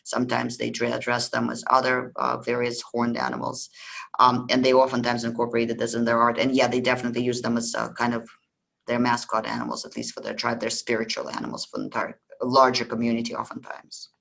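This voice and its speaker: A man's voice: medium pitch, completely flat delivery, brisk, gravelly, bright, forceful tone, rough recording. A man hosting a history podcast, talking loosely about ancient beliefs with many ums and restarts. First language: Russian. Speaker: podcast host. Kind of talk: casual history lecture.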